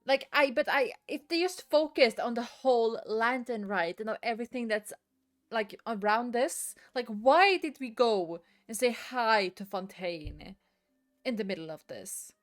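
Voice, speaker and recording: In this live-streamed gameplay commentary, a woman at home vents her exasperation, cursing and saying the same things over and over. She has a fairly high pitch and lively intonation at a measured pace, with faint music behind her, picked up by a desk mic at the computer.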